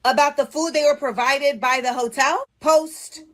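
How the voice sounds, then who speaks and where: A woman's voice: sits high, steady tone, moderate pace, a bit bright. A woman ranting indignantly and dramatically in a social media video.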